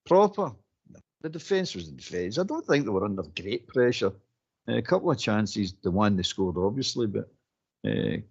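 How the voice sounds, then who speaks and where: A man's voice: on the low side, breathy edge. A man with a Scottish accent co-hosting a football phone-in, exasperated and repeating himself as he runs down the players. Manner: exasperated, repeats his words, laughs while he talks. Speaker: co-host. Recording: dull lo-fi audio.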